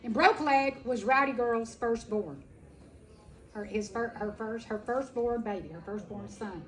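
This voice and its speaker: A woman speaking at a festival, telling a personal story in a folksy, emphatic and animated way. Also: a little high, unhurried, poor audio. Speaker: animal sanctuary founder giving a talk. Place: festival stage.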